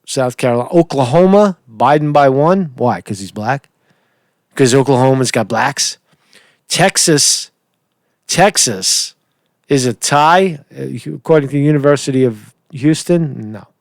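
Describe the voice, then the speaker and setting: A man talks through political news in a loose, rambling monologue. He is opinionated and jumps from point to point, repeating himself and restarting sentences. His voice sits at an ordinary middle pitch and is recorded dry and close, with no room sound. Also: animated, a little slow, no room sound. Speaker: political commentary host. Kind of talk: casual political commentary.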